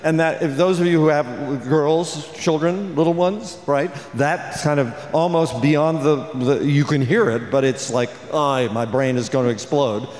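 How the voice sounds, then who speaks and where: An older man telling stories on a convention panel, restarting often and filling pauses. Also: a little high, darkish tone. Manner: storytelling with many restarts and fillers. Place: large convention hall. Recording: echoey hall with long reverb.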